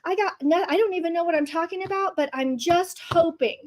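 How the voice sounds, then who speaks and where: A woman's voice: very high-pitched, fairly quick, a little mellow, slight background noise, voice pushed up. A woman mimicking a snide, know-it-all female online troll in a smug, mocking sing-song.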